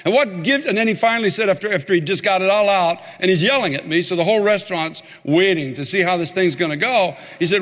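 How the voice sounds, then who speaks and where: A male pastor preaching a sermon and telling a story, animated and repeating phrases for emphasis. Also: high-pitched, fast, hardly any pauses. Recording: long hall reverb.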